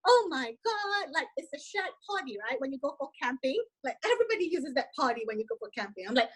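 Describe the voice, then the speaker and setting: A woman's voice: high-pitched, very animated, fast talker, hardly any pauses, fairly bright tone, poor audio. A woman guest coach chatting enthusiastically in an interview, sprinkling in "like" and tag questions. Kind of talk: casual interview chat.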